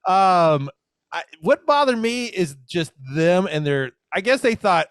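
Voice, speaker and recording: A man co-hosting a casual podcast with a high voice that swings widely in pitch. He talks playfully and acts out quotes. The sound is dry and close. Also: expressive, measured pace, smooth, dry recording. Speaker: podcast co-host. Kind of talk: casual chat.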